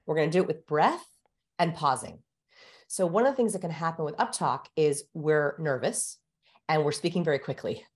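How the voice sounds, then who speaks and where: Woman vocal coach, lowish voice, teaching step by step, calm and clear. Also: moderate pace. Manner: instructive, demonstrates vocal tones. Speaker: communication expert guest. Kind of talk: explanatory coaching talk.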